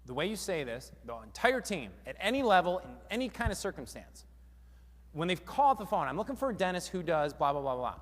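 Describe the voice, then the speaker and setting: A fairly high-voiced man gives an energetic live seminar talk, firing questions at the crowd. His voice carries a long reverb from a large hall. He talks in a casual, punchy way. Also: brisk. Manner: energetic, quizzes the audience. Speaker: seminar speaker.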